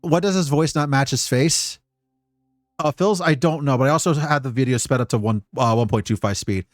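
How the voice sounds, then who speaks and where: A man's voice: medium pitch, brisk, dry recording, clean studio sound. A Scottish man giving casual live-stream commentary, rambling and profane, with many restarts.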